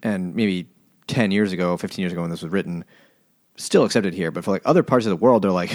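A man with a very low voice talks loosely and profanely, circling his points in a relaxed book discussion. The sound is dry and close, with almost no room around him. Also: fast talker, no echo. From United States. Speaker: podcast co-host. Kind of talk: casual book-club chat.

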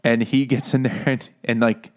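A man's voice: medium pitch, level tone, normal speed. A man hosting a casual book chat over beers, who laughs often and talks in a loose, profane way. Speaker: podcast host.

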